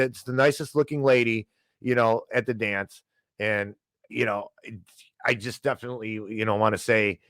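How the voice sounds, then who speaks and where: A man's voice: medium pitch, a bit bright, no room sound. A man hosting a finance show, ranting heatedly with frequent restarts and apologies. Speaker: podcast host.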